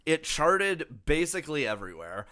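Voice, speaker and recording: A man's voice: fairly high pitch, very animated, moderate pace, sharp tone. A man co-hosting a comedy album review podcast, rambling casually with lots of fillers and swearing. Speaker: podcast co-host.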